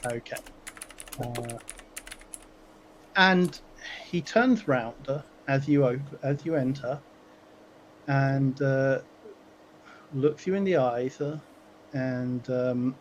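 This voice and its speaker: A man's voice: mid-range voice, a little hiss or hum. Guy gm narrating his table game, lots of uhs and ums, kinda muffled lo-fi audio. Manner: halting, many ums and uhs. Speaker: game master.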